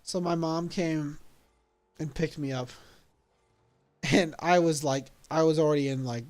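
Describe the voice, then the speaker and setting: A young man telling a story casually, animated and laughing along at his own story. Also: on the high side, measured pace. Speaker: vlogger.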